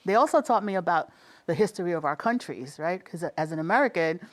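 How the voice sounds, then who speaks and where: A middle-aged woman with a Bronx accent, telling lively stories in an interview and often laughing. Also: lowish voice, quick pace. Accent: Bronx New York. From the Bronx, New York. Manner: animated storyteller acting out quoted voices, laughs often. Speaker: guest, state commissioner. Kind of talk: conversational interview storytelling.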